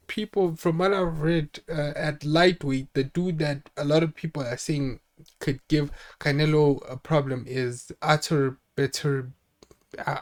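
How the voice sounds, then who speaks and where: Rambling young man, slightly high voice. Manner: rambling, restarts often, lots of "like". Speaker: channel host. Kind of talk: casual solo talk.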